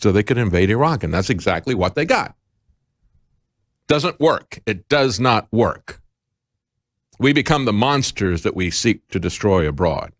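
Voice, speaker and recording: A man's voice: mid-range voice, very animated, normal speed, dry recording, clean studio sound. A middle-aged man hosting a news commentary show, talking in an impassioned, emphatic way that climbs to indignant peaks. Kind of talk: talk radio commentary.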